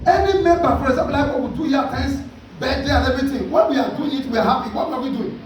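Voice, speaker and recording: A man preaching a lively sermon as pastor, calling out to the congregation and laughing often. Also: extremely high pitch, fast talker. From Nigeria. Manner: animated preaching with call-and-response and frequent laughter. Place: church hall. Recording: echoey church hall, mic far off.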